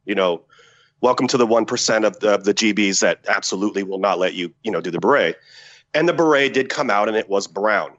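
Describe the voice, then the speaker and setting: A man, a former Special Forces soldier, telling a story as a podcast guest in a profane, animated way, acting out the dialogue. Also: on the low side, fast talker, dull audio. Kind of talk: casual war-story telling.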